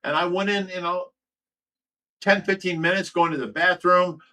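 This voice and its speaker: A man hosting a livestream chat with a slightly high voice. He talks in a heated, profane, storytelling way, loose and unscripted. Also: steady tone, normal speed, bright, forceful tone, a little hiss or hum. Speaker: host.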